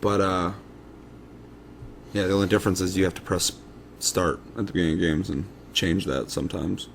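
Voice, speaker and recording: Young male co-host, low voice, rambling casual talk, swears a lot, faint background hiss. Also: fairly even intonation, moderate pace, gravelly. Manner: rambling, swears often, acts out past thoughts. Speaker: podcast co-host. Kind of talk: casual chat.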